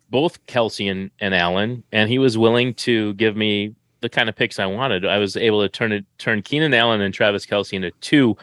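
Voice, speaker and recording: A man's voice: fairly low pitch, a bit bright, dry recording. A man co-hosting a fantasy football show, chatting casually and correcting himself as he rambles. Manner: rambling, self-correcting, upbeat. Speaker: fantasy football podcast co-host. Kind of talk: casual chat.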